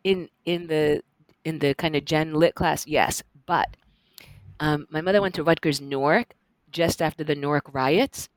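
A middle-aged woman professor telling stories in a lively, animated way as an interview guest. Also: low-pitched, a little slow, dry recording. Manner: lively, animated storyteller with laughs. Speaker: guest, professor and journal editor. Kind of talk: conversational interview storytelling.

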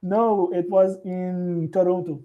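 Slow, halting Brazilian man. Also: high-pitched, flat delivery, narrow, tinny audio. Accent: Brazilian Portuguese. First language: Portuguese. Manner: halting, restarts often, searching for words. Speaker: guest. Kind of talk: casual interview conversation.

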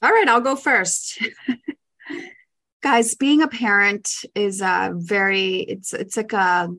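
A young woman co-hosting a podcast, telling stories in chatty, animated casual chat. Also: mid-range voice, slow. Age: young adult. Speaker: podcast co-host.

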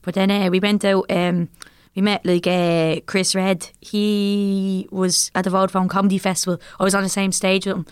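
A young woman with an Irish accent, telling an animated story in casual podcast chat, full of fillers. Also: medium pitch, moderate pace, few pauses, clean tone, dry recording, studio quality. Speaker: guest comedian.

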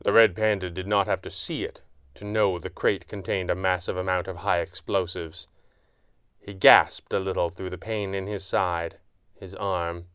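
A man narrating a pulp adventure audiobook in a measured, dramatic way. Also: sits low, steady tone, fairly bright tone, clear, resonant tone, no room sound, studio quality.

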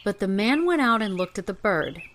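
Woman doing storybook narration, calm, expressive. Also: mid-range voice, slight background noise. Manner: measured, expressive reading.

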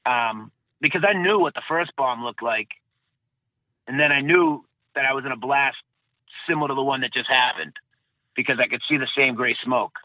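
With a medium pitch, normal speed and long pauses, a bombing survivor tells his story as a guest in a casual interview. He rambles, doubles back to correct himself and repeats phrases. The sound is dry and tinny, as if over a phone.

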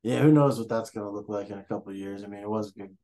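A man's voice: lowish voice, fast, dark tone. A man in casual chat, hesitant and hedging, with frequent ums and restarts.

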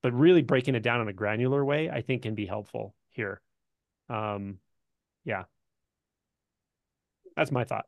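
A man's voice: mid-range voice, measured pace, vocal fry, pauses often, no room sound. A man hosting a podcast chat, reflective and asking questions aloud. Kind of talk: casual chat.

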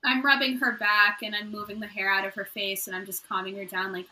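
A woman's voice: medium pitch, flat delivery, fairly quick, few pauses, sharp tone, slight background noise, rough recording. A woman playing a tabletop game, eagerly describing what her character does. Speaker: player. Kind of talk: tabletop role-play.

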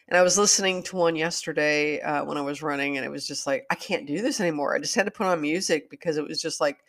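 A woman's voice: low voice, vocal fry, a bit bright. A woman hosting a solo podcast, talking in a rambling, hesitant and apologetic way, openly emotional. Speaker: podcast host.

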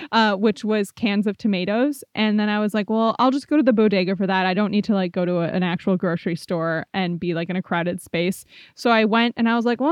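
A woman co-hosting a podcast who tells laid-back anecdotes in a relaxed, chatty way. Her voice sits at a middle pitch. The recording is dry and close-miked. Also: clean tone, no echo, dull audio. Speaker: podcast co-host. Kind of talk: casual chat. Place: podcast studio.

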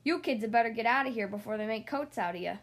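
A woman voicing a brave male farm cat with a brisk, commanding military manner. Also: fairly high pitch, expressive. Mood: urgent.

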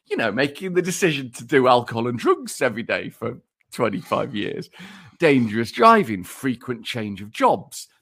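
Male podcast co-host, mock-lecturing tease, animated pitch, mid-range voice. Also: normal speed. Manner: teasing, mock-lecturing, laughs while talking. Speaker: podcast co-host presenting research. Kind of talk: casual podcast banter.

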